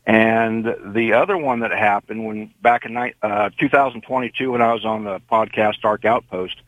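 A man's voice: lowish voice, steady tone, moderate pace, no room sound, narrow, tinny audio. An older man calling in from Indiana, telling a long rambling story with many fillers. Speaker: caller. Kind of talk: phone-in call.

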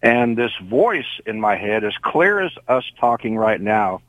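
Older male caller with a low voice. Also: big pitch swings, unhurried, fairly bright tone, no room sound, low-quality recording. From Indiana. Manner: rambling storyteller with many fillers. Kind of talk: phone-in call.

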